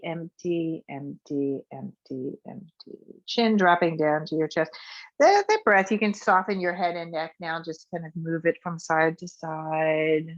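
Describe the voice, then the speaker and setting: A woman yoga instructor leading a guided breathing and movement practice in a soft, calm way, her voice trailing off quietly on the exhales. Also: lowish voice, dull audio.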